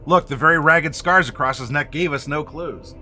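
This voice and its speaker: A man hosting a game master workshop, talking to camera and addressing the viewer directly in an animated way. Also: a little high, a little slow, gravelly, faint music behind. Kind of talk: instructional talk to camera.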